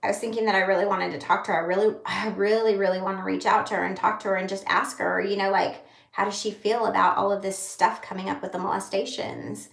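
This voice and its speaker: Woman, 30s, livestream vlogger; candid rambling chat, gravelly edge, roomy echo. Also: mid-range voice, flat delivery. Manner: rambling, candid, pauses to read comments. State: holding back tears.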